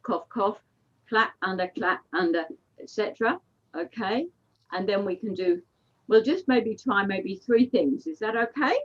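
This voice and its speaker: A woman facilitator leading a group through a movement exercise on a video call, calling out steps and counts. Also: medium pitch. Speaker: workshop facilitator. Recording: dull lo-fi video call audio.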